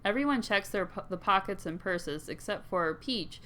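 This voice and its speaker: A woman's voice: mid-range voice, lively intonation, moderate pace, bright, forceful tone, a little hiss or hum. A woman reading a visual novel aloud, moving between the story's narration and her own playful, giggly remarks, and saying herself that she can't do accents. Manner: playful, giggly, does voices half-heartedly. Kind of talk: reading game dialogue and narration aloud with commentary.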